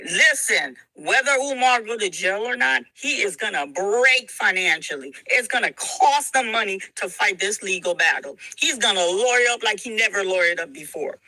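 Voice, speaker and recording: A woman's voice: mid-range voice, expressive, normal speed, hardly any pauses, sharp tone, dry recording, low-quality recording. A woman in a played clip speaking emotionally and emphatically, stumbling and repeating herself. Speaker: interview guest in played clip. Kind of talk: heated personal statement.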